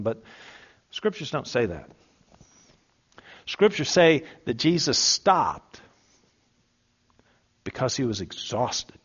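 Humorous preacher, lo-fi recording. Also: male voice, medium pitch. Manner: conversational and humorous, with emphatic slow stresses. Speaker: pastor. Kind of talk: sermon. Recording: dull lo-fi sound.

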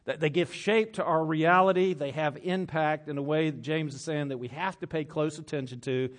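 Conversational preacher man, slightly high voice. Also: fairly even intonation, moderate pace. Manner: conversational, self-correcting, reads old scripture aloud. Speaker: pastor. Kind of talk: sermon. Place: church with congregation.

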